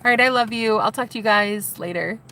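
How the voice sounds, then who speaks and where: A woman live streamer chatting casually with her viewers, gushing and excitable, with casual swearing. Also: a little high, brisk, slight background noise.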